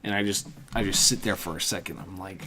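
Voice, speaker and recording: A man's voice: low voice, brisk, crowd noise. A man, a podcast guest, telling a rambling, profane story in casual chat, often correcting himself as he goes. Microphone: studio mic.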